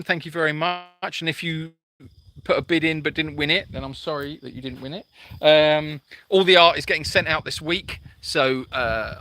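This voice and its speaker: A man's voice: fairly high pitch, pushed and bright. A man hosting a live sanctuary chat, reading out viewer comments and answering in a chatty, rambling way full of fillers.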